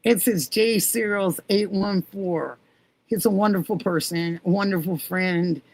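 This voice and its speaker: A middle-aged woman with a medium-pitched voice and vocal fry speaks at a measured pace. Hosting a casual livestream, she reads comments and chats fondly with viewers, greeting them by name.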